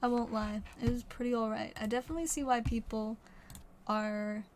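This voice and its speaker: A woman's voice: fairly high pitch, steady tone, a little fast, darkish tone, slight background noise. A young adult woman livestreaming card pack openings, rambling chattily and often correcting herself. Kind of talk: casual chat.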